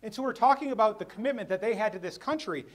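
A middle-aged man giving a personal storytelling speech at a luncheon, dropping quiet for the sad parts. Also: high-pitched, expressive, racing. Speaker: keynote speaker at a luncheon. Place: banquet hall.

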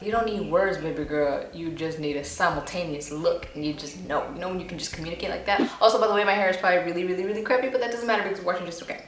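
A woman's voice: fairly low pitch, racing, hardly any pauses, a little hiss or hum. A woman hosting a reaction video at home, chatting playfully and talking back at the screen. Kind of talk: casual reaction commentary. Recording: roomy echo, distant from mic, faint music.

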